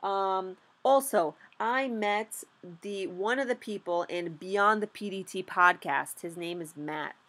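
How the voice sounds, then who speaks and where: This is a casual vlog recap from a young woman who's a novice stock trader, delivered with candid energy, frequent swearing, and constant "like." Her pitch is medium and her pace slow, yet she barely pauses.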